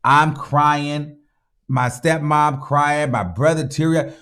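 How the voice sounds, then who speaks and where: A man's voice: on the high side, fairly even intonation, slow pace, fairly bright tone. A man hosting his channel and recapping a movie in a slangy, dramatic way, repeating lines for emphasis and acting out sound effects. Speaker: movie reviewer and channel host.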